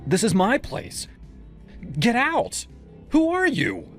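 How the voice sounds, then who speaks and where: A man's voice: extremely high pitch, huge pitch swings, slow, soft background music, pitched above the performer's own voice, full character voice. A man voicing a terrified nineteen-year-old woman who screams and sobs her pleas. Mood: panicked.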